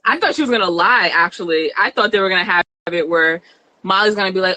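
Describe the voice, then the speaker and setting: A woman with a bright, forceful tone talks through the latest episode in easy conversation. Her pitch sits mid-range, and she laughs readily between points. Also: expressive, fast talker, low-quality recording. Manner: chatty, laughs often, shrill when quoting. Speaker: co-host. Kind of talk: casual recap chat.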